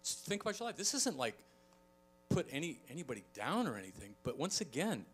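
A middle-aged male pastor preaches with a bright, forceful voice sitting a little high for a man. He tells stories in an animated way, slipping into quoted voices, with faint instrumental music playing underneath. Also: fairly quick, slightly rough. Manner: animated storytelling, acts out quoted voices, chuckles often. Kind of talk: sermon.

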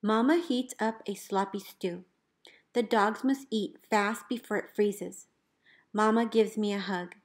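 A woman, a teacher, reading a picture book aloud in an expressive storybook voice, calling out the commands with gusto. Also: medium pitch, measured pace. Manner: expressive, calls out dog commands loudly.

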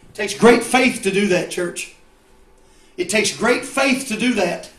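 Give me a fervent high-voiced preacher in an echoey church, a man. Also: slow. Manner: fervent preaching, swings from shouted climaxes to quiet asides. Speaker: pastor. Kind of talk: sermon.

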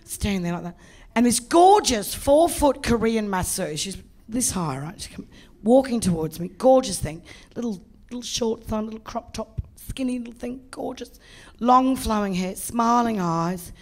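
Brassy comedienne, high-pitched. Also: female voice, normal speed. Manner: brassy, bawdy, energetic. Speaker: stand-up comedian. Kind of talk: live stand-up routine. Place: comedy club stage.

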